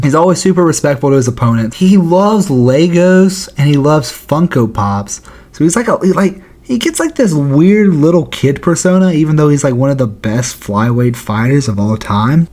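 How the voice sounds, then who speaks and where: A man's voice: medium pitch, lively intonation, normal speed, darkish tone. Slangy, jokey man chatting casually. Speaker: YouTube host. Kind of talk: casual commentary.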